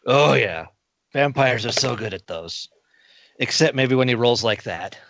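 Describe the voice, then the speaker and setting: A man's voice: mid-range voice, expressive, a little slow, vocal fry, background noise. A man playing in a tabletop game, asking hesitant, stammering questions. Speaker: player. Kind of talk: casual tabletop game play. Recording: dry, dull lo-fi recording.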